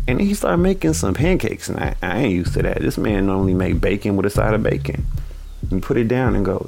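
Gravelly young man telling a story. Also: fairly low pitch, moderate pace, music in the background. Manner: casual, animated retelling with slang. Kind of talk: personal storytelling.

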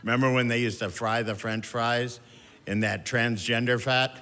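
A man's voice: mid-range voice, steady tone, normal speed. A middle-aged man doing a self-deprecating stand-up comedy set, chatty and loose. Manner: self-deprecating, chatty, jumps into shouted character voices. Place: comedy club stage with a live audience. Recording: live club recording with audience noise.

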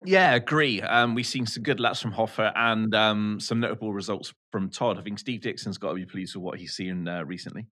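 A man's voice: fairly low pitch, fairly quick, hardly any pauses, bright, forceful tone. A man co-hosting a casual podcast, bantering and joking easily. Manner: jokey, easily amused banter. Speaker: podcast co-host. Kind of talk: casual motocross chat.

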